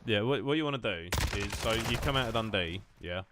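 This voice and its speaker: A man with an Essex accent chats in a low voice over online game voice chat. He rambles through mock-serious tangents and dry jokes. Clicking and heavy noise sit under his voice. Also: animated, fairly quick. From Essex, England. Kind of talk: casual gaming voice chat.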